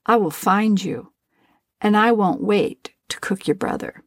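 A woman's voice: mid-range voice, unhurried, no room sound, lightly acted. A woman voicing a cruel, bossy old witch who threatens and commands. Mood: threatening.

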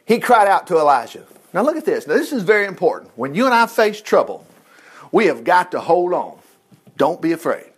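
Preacher guy, high voice, swings all over the place telling a bible story. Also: a little fast, husky. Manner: animated, acts out the people in the story. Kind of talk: sermon retelling a Bible story.

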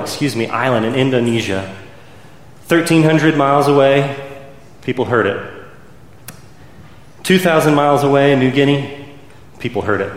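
Impassioned pastor preaching in an echoey hall. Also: male voice, on the high side. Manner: builds to impassioned, soaring climaxes then drops soft. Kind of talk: sermon.

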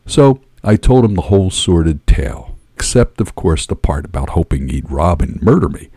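Guy telling his own story, low mellow voice, swings up and down a lot, dry close sound. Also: moderate pace, breathy edge, no room sound. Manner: animated, profane, dramatic storytelling. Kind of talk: first-person story narration.

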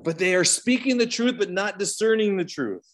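Canadian male Bible study leader, fairly high voice, chatty teaching with rhetorical questions. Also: normal speed. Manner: conversational, rhetorical questions, side tangents.

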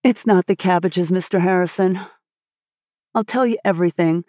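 A woman's voice: lowish voice, moderate pace, dark tone, no echo, clean studio sound, lightly acted. A woman voicing an earnest, impulsive teenage girl who pours out a breathless confession.

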